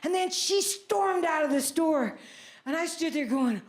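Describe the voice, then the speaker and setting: On a comedy club stage, a seventy-something woman performs stand-up, telling loud, self-deprecating stories punctuated by big exclamations. She speaks in a high-pitched, expressive voice at a slightly slow pace, captured by a stage mic along with audience noise and laughter.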